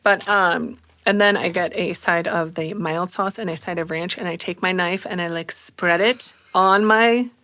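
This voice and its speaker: A woman's voice: on the low side, steady tone, normal speed, few pauses, bright, forceful tone, no room sound. A young adult woman, a podcast guest, chatting in an upbeat, talkative way. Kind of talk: casual interview chat.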